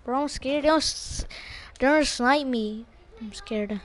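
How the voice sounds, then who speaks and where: A young woman streaming a game live, talking to teammates in an excitable, jumpy way and swearing often. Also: high voice, measured pace. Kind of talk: live gameplay commentary.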